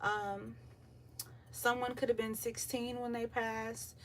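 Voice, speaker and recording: A woman giving a live tarot reading in a relaxed, chatty way with lots of filler ums, out of breath as she talks. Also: on the high side, slow pace. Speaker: tarot reader. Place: home by the beach, windows open. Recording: voice a bit far from the mic, faint surf noise. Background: faint beach waves.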